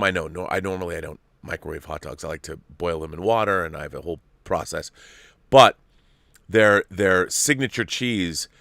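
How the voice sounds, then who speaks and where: A man hosting a casual live-stream chat, excitable and gushing, rambling with restarts. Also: sits low, no echo, studio quality. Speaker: host.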